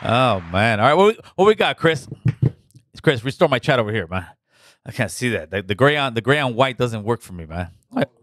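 A man's voice: medium pitch, sing-song, brisk, a bit bright, no echo, studio quality. A middle-aged man hosting a casual call-in show, loose and slangy, repeating himself as he talks.

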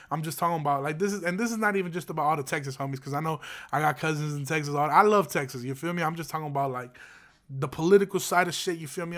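A man's voice: fairly high pitch, fairly bright tone. A young man hosting a podcast, ranting in a casual, profane, slang-heavy way with many fillers and restarts. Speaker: podcast host. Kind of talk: casual opinion rant.

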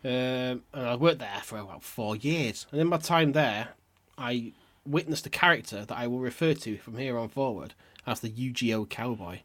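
A man's voice: medium pitch, normal speed, fairly bright tone. A man, co-hosting a podcast and telling a story with lots of swearing and mock drama. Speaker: podcast co-host.

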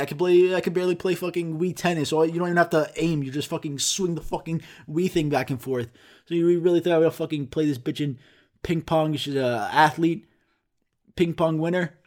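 A man's voice: fairly high pitch, brisk, a little mellow. A young man telling a rambling, profane comic story in casual chat, throwing in sound effects.

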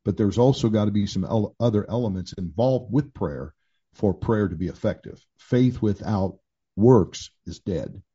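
An older pastor talks through his own story frankly, stopping and restarting often. His voice sits a little low, with a very dark, husky tone. The recording sounds dull and lo-fi. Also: moderate pace. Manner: candid storytelling with many restarts and fillers. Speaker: pastor and author. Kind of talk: conversational testimony.

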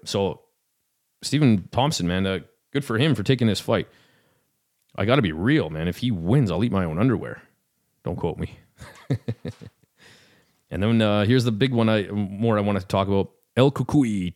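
Casual, low-voiced man talking fights. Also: animated, normal speed, long pauses, a little mellow. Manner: rambling, self-deprecating, full of fillers and hedges. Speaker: podcast host. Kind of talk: casual chat about fights.

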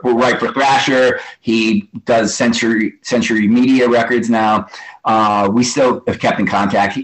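A man's voice: medium pitch, a bit bright, poor audio. A man in his fifties, a guest drummer, telling stories in a casual interview. He rambles, swears casually and acts out what others said.

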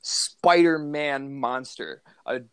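A man's voice: mid-range voice, animated, takes it slowly, clear, resonant tone, dry recording. A man co-hosting a podcast, ranting with exasperation and plenty of swearing while reviewing a movie. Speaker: podcast co-host. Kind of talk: casual movie review chat.

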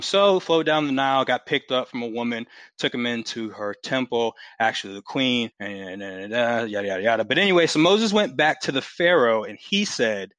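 Animated bright-voiced man telling a story. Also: dry recording. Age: 30s. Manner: animated, swings into high mocking quotes. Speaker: guest. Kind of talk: casual storytelling.

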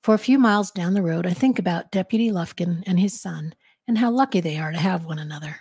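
A woman co-hosting a podcast, reading a novel chapter aloud and then discussing it in a measured, thoughtful way. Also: lowish voice, darkish tone, slightly rough, no room sound, clean studio sound. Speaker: podcast co-host and reader.

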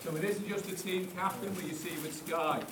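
A man's voice: high-pitched, steady tone, brisk, background noise. A man guiding a stadium tour, telling it with dramatic, building storytelling. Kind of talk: guided tour talk. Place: indoor stadium corridors and tunnel. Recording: echoey halls, voice from a distance.

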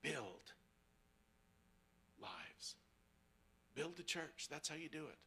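A man preaching a sermon in a slightly high, bright, forceful voice. He moves between hushed, almost whispered storytelling and raised, emphatic exhortation. He doubles back on words as he builds each point. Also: big pitch swings, slow pace, vocal fry, slight background noise. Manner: drops to hushed, near-whispered tones in tender moments, then rises to emphatic preaching; repeats words and restarts phrases as he speaks. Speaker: guest preacher.

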